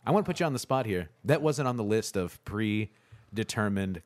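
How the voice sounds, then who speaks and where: Male podcast host, lowish voice, slightly hoarse, easygoing banter. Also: moderate pace. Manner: relaxed, laughs easily, joking. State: hoarse from a cold. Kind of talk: casual chat.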